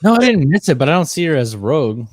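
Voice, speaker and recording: A man's voice: on the high side, big pitch swings, fast, no echo. A man co-hosting a casual podcast chat, joking and teasing his friends. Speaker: podcast co-host.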